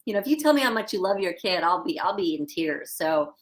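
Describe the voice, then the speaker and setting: A woman's voice: lowish voice, expressive, fast talker. A middle-aged woman talking candidly as a podcast guest, chatty and laughing often. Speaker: guest actress. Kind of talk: casual podcast chat.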